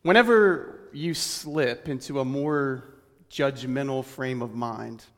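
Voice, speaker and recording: A man's voice: medium pitch, slow, a bit bright. A man preaching a sermon earnestly, building his points through rhetorical questions. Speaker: pastor. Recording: long hall reverb.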